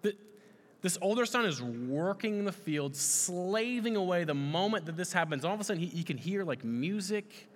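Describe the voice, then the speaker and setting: Male pastor, 30s, sermon, animated, asks the crowd questions, high voice, long hall echo. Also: moderate pace.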